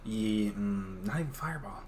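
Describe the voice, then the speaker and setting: A man's voice: lowish voice, moderate pace, a little hiss or hum. A man in his twenties, a podcast host, chatting casually and telling stories with lots of laughter and swearing. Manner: animated storyteller, laughs often, swears freely. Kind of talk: casual chat.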